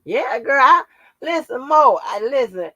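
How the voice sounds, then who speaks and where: Gravelly-voiced woman chatting on a livestream. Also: sits high, expressive, a little slow, a bit bright, no echo, highs cut off. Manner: salty, laughing, profane storytelling. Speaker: channel host. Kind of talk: casual livestream chat.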